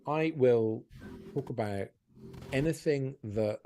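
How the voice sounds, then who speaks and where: A man, a stand-up comedian, talking candidly and self-deprecatingly in a podcast interview, animated and often laughing. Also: medium pitch, slow pace, slight background noise.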